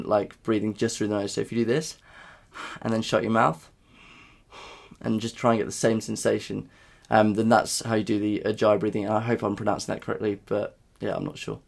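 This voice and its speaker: A man's voice: fairly low pitch, gravelly. A young man talking casually to camera in a vlog, rambling with lots of fillers and restarts. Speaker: vlogger.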